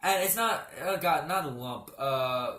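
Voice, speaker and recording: A man telling a personal story in a casual, animated way, swearing often and breaking into laughing outbursts. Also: a little high, measured pace, slight background noise. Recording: roomy echo.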